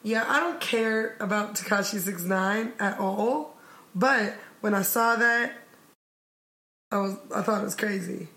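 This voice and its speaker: A woman's voice: medium pitch, measured pace, pushed and bright, reverberant. A woman in her twenties co-hosting a casual podcast, laid-back and teasing. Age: 20s. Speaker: co-host, host's girlfriend.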